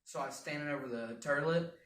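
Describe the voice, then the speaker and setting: A man's voice: fairly high pitch, quick pace, a bit bright. A young man hosting a casual solo podcast from a home basement, goofy, rambling and poking fun at himself. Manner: goofy, self-mocking and rambling. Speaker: podcast host. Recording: echoey room, mic a bit far.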